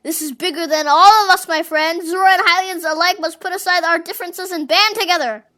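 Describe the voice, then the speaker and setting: A genial old fish-folk king from a fantasy game, put on by a fan doing every role. He speaks in grand, formal phrases, and the voice sits very high and sounds bright and forceful. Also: steady tone, a little fast. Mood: grave. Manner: grand, courtly speech. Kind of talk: voicing game dialogue.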